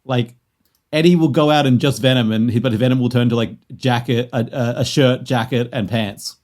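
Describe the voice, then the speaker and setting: A man's voice: mid-range voice, fairly even intonation, normal speed, darkish tone. Rambling casual male podcast host. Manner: rambling, lots of fillers and restarts. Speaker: podcast host presenting the lore. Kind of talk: casual chat.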